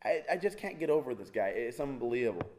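A man's voice: mid-range voice, big pitch swings, quick pace, a little mellow, slight background noise. A male preacher giving a conversational sermon, asking his congregation rhetorical questions, making jokey asides and often restarting his sentences.

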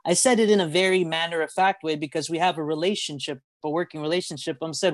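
A man's voice: a little high, fast, few pauses, dry recording. A man delivers a sermon to listeners on a call, acting out voices as he tells stories. He stumbles and repeats words as he talks. The sound is dry and close. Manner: animated storytelling, acts out voices. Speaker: preacher.

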